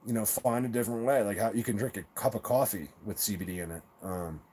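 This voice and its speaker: With a fairly low, darkish voice and a quick pace, a man hosts a live stream over a little hiss or hum. He rambles casually to viewers in stops and starts, restarting often, stammering repeated words, and laughing at his own tales.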